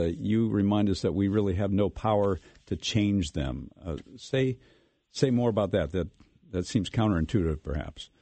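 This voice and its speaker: Deep, mellow-voiced male radio host. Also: slightly rough, dry recording. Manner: measured with frequent uh fillers. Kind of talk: radio interview.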